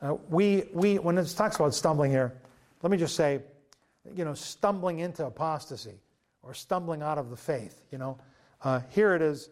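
A pastor preaching a sermon in an earnest, conversational way, often pausing with fillers and restarting his sentences. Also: fairly high pitch.

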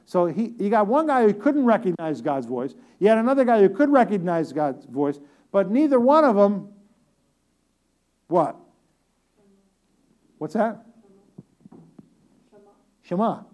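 Male preacher, casual sermon delivery, repeats himself, jokes with the room, voice on the higher side. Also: sing-song, unhurried, long pauses, darkish tone. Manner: chatty, repetitive, joking asides to the congregation. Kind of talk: conversational sermon.

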